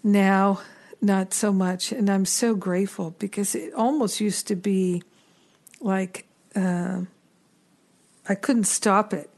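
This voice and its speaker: A middle-aged woman with a medium-pitched voice and steady tone hosts a podcast as a spiritual teacher. Her reflective teaching talk is earnest and unhurried, sprinkled with gentle self-deprecating asides.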